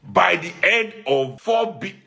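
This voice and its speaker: Animated Nigerian man ranting. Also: high-pitched, takes it slowly, gravelly, soft background music. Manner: rhetorical, heated, emphatic. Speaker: commentator. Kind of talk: heated social commentary.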